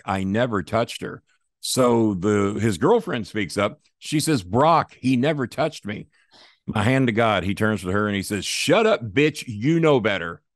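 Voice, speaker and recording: A man's voice: fairly low pitch, no echo, clean studio sound. A man telling a long profane story in a casual interview, acting out the voices of the people in it. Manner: profane, animated, acts out quoted voices. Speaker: guest storyteller.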